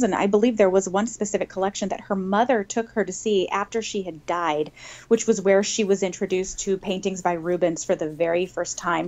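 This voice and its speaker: A woman's voice: medium pitch, darkish tone, slight background noise. Woman guest with a mid-range voice, talking through a topic at length. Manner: explanatory, laughs easily. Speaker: podcast guest. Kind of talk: casual podcast chat.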